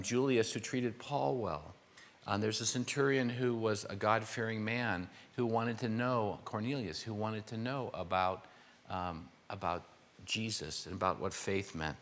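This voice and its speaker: A man's voice: mid-range voice, fairly bright tone, slight background noise. Older guy pastor teaching through a bible passage, chatty asides, big reverby hall. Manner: informal teaching, explaining word meanings with asides to the congregation. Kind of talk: conversational verse-by-verse sermon.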